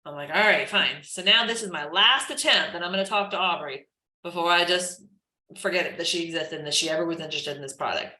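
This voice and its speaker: Chatty woman, bright echoey sound. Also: on the low side, quick pace. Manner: chatty, lots of "like", acts out chat messages. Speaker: team trainer. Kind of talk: casual live training session.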